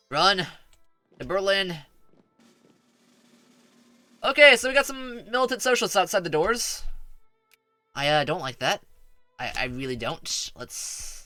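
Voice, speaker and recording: Bright, lively male game streamer. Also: a little high, no echo. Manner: playful, rambling, stammers through restarts. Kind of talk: live strategy game commentary.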